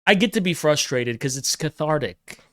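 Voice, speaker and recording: A man's voice: a little high, expressive, normal speed, sharp tone, no room sound. A man hosting a livestream, ranting at his chat in an aggressive, profane, repetitive lecturing way. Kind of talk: heated livestream rant to chat.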